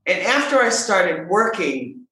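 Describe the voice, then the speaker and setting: A woman voice coach talks playfully, her pitch leaping up and down as she stresses her points. She repeats phrases for emphasis. The recording has a strong, roomy echo. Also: a little slow. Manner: animated, playful, emphatic repetition. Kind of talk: casual interview talk. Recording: very echoey room.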